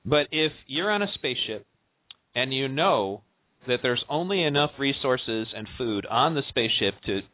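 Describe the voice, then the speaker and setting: A man's voice: mid-range voice, lively intonation, moderate pace, no room sound. Man talking on a tinny phone line. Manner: sarcastic, many fillers. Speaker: podcast host. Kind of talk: casual conversation.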